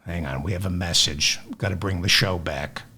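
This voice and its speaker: A man's voice: sits low, normal speed, sharp tone, breathy edge. A man hosting a comedic news podcast, ranting with sarcastic, self-deprecating asides. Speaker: podcast host.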